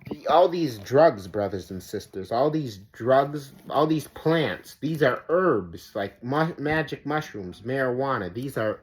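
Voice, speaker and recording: A man of middle pitch rants through a reaction video, rambling and swearing, stacking up "like" as he loses his thread. His voice rides over steady background noise. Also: unhurried, hardly any pauses, low-quality recording. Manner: rambling, profane, exasperated, with many fillers like "like". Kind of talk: ranting reaction commentary.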